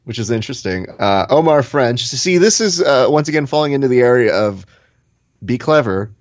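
A man co-hosts a relaxed podcast, reading out comments with wry asides. His voice is recorded close and dry, with a slightly muffled, dull tone. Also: mid-range voice, normal speed, no echo. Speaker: podcast co-host. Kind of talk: casual podcast chat.

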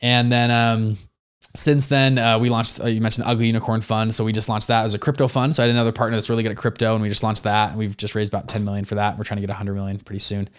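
A young adult man, an entrepreneur guest in an interview, telling stories in a slangy, animated way with many fillers. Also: lowish voice, very fast, clean tone. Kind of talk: casual interview storytelling.

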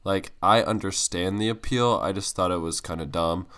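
Low-voiced young guy, blunt and dramatic. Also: normal speed, clean tone. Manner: blunt, dramatic dislikes, trails off quietly. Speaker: podcast co-host. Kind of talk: casual chat.

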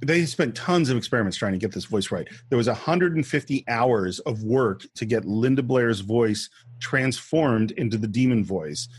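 A man's voice: medium pitch, moderate pace, few pauses, breathy edge, no echo. A man hosting a podcast, casually walking his co-host through a movie scene by scene and explaining how it was filmed. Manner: lively storyteller explaining scenes and behind-the-scenes facts. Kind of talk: casual film-discussion chat.

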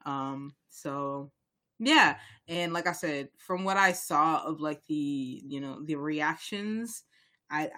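A man's voice: a little high, takes it slowly, sharp tone. Impassioned young man. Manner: impassioned, rambling, many restarts. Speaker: podcast co-host. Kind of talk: casual chat.

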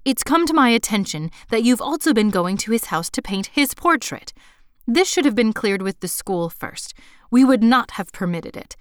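A woman's voice: big pitch swings, normal speed, dry recording, studio quality. A woman voicing a hostile middle-aged woman school head who scolds relentlessly. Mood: stern. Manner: stern, escalating to shrill scolding.

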